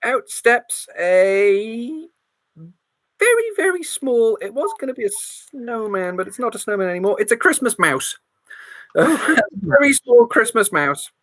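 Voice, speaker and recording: A woman's voice: on the high side, very animated, measured pace, fairly bright tone, no room sound, poor audio. A woman running a tabletop role-playing game as game master, narrating in a giggly, playful way.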